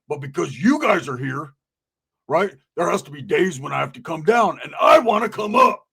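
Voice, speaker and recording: A man's voice: a little high, sing-song, normal speed, creaky, fairly bright tone, husky, heavily acted. A man voicing his crude, hot-tempered, broke white friend, who rants profanely and calls everyone brother. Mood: bitter.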